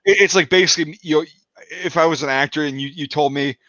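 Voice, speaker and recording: A man's voice: on the high side, fast, sharp tone, no room sound. A man chatting casually on a podcast call, rambling, with frequent restarts. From Wisconsin. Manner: rambling, quotes others in put-on voices. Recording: dull dry lo-fi call audio.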